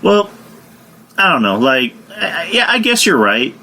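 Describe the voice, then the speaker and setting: A man's voice: a little high, big pitch swings, a little slow, pushed and bright. A man hosting a casual wrestling podcast, rambling with lots of fillers and laughing often. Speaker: podcast host.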